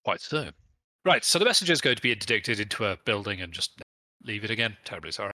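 Joking english RP guy playing a tabletop game online, crisp bright voice. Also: on the low side, very animated, fast talker, no echo. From Buckinghamshire, England. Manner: joking, chatty. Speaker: player.

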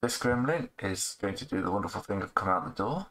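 A man's voice: fairly low pitch, expressive, a little fast, a bit bright, rough recording. A man running a tabletop game over voice chat, narrating rolls and turns in a matter-of-fact way. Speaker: game master.

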